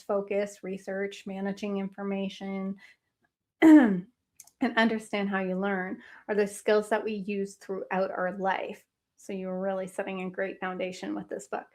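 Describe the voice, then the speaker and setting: A woman hosting an author interview, who is enthusiastic and affirming, asks long winding questions, and says she is losing her voice. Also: medium pitch. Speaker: podcast host.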